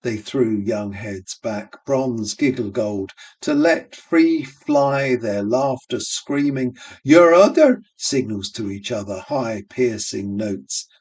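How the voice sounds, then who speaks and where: A man's voice: on the low side, slow pace, hardly any pauses, a little mellow, far from the mic. A man reading a novel aloud with rhythmic, musical phrasing. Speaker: audiobook reader.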